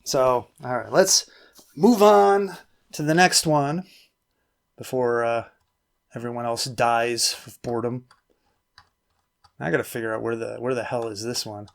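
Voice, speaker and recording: Slow, rambling man reading his poetry. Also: medium pitch, creaky. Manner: slow, rambling, self-deprecating, laughs at himself. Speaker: poet reading his own work.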